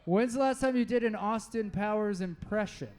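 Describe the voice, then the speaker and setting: A man's voice: high-pitched, normal speed, clear, resonant tone. A man hosting a live podcast show on a venue stage, firing off joking questions and laughing often. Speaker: podcast host. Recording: live show with loud crowd.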